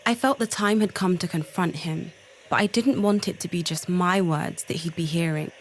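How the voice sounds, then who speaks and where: A woman narrating a documentary in measured, reflective scripted narration. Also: fairly low pitch, a little hiss or hum.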